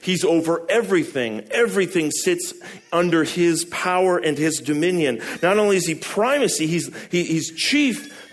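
Conversational male pastor preaching a sermon. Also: high voice. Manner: conversational preaching, asks the congregation questions.

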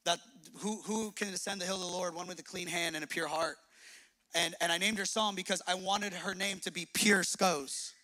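A young man delivers a sermon in a high, bright voice. He swings between loud, emphatic bursts and low, quiet asides, and often repeats phrases to drive them home. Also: steady tone, normal speed. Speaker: pastor.

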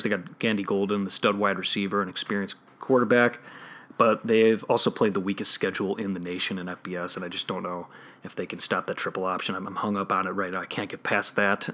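A man's voice: lowish voice, steady tone, quick pace. A man with a Chicago accent hosting a solo sports betting podcast, talking through analysis and often restarting his phrases. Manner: analytical, restarts phrases, trails off quietly at ends.

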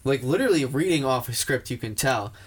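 Slangy animated male storyteller. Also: medium pitch, fairly quick, husky. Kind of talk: casual chat.

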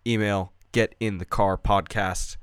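A man's voice: fairly low pitch, fairly even intonation, a little slow, clean tone, no room sound, studio quality. Crude, jokey young man on a podcast. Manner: crude, jokey, swears freely. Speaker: podcast co-host. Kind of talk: casual podcast banter.

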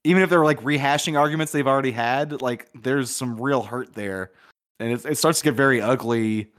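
A young man talks through a movie on a podcast in a loose, rambling way, leaning on "like" as he thinks aloud. His voice sits at an ordinary middle pitch for a man. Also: brisk, fairly bright tone. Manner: rambling, frequent "like" fillers. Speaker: podcast co-host. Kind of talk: casual film discussion.

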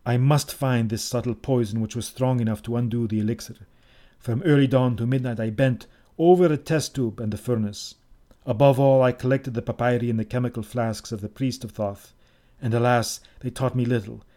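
A man narrating a first-person tale in a measured, solemn audiobook reading. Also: medium pitch, mellow.

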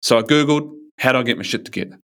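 A blunt, rough-talking rural Australian man who swears without a second thought, as a man puts him on. He speaks with an Australian accent in a plain, matter-of-fact way, and his voice sits in an ordinary middle pitch. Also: rapid-fire, a bit bright, natural voice.

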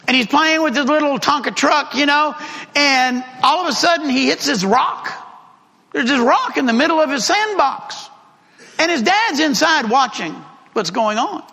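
Guy teaching bible class, bright sharp voice w gravel in it, asks the room lots of questions. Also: extremely high pitch, lively intonation, normal speed. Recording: reverberant room recording.

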